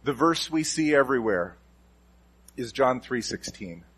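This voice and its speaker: Husky-voiced man preaching a sermon. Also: mid-range voice, expressive, measured pace, a bit bright. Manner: emphatic, repeats key phrases with shifting stress. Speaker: pastor.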